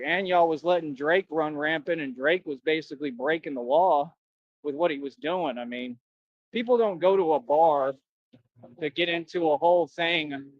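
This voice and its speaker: Boastful man ranting, higher voice. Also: no room sound. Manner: boastful, slangy, combative. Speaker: former nightclub bouncer. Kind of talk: rambling livestream rant. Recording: dull lo-fi dry stream audio.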